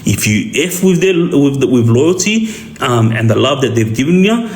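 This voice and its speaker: A man with an Australian accent telling a street story in a casual, animated way, often checking in with the listener. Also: medium pitch, normal speed. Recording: roomy echo.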